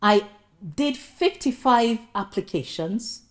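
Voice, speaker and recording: A woman from Nigeria with a Nigerian accent, giving a lecture about her personal journey as a professor, telling it with animated storytelling and humorous asides. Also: on the high side, slow pace. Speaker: guest speaker, professor.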